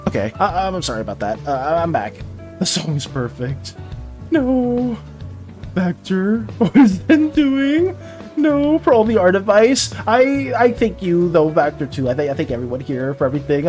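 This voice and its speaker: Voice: medium pitch, animated, moderate pace, a little mellow, faint music behind. Stammering, flustered live-streamer. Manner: stammering, repeats words, emotional and flustered. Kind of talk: casual live-stream chat while drawing.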